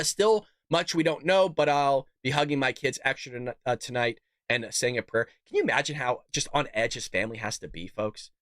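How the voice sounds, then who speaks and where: Fast, fiery man hosting a show. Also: on the high side, a bit bright, dry recording, studio quality. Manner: combative, emphatic, talks straight to viewers; reads out quotes and tweets. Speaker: political commentary show host. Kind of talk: fired-up political commentary.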